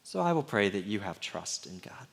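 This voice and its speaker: A middle-aged man preaching a sermon as pastor, candid and conversational, sometimes dropping to a hushed voice. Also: fairly low pitch, big pitch swings, moderate pace, gravelly.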